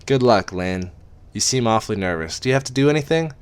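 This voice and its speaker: A man voicing a plain, quiet middle-aged father who speaks gently in few words, in an audiobook reading. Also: medium pitch, expressive, quick pace, clean tone, pitched above the performer's own voice, close to an everyday voice. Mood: fond.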